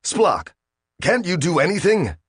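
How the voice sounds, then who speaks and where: A man's voice: high voice, sing-song, a little slow, husky, dry recording, clean studio sound, voice pushed up, exaggerated voice. A man reading a story aloud, voicing a strained, commanding male spaceship captain.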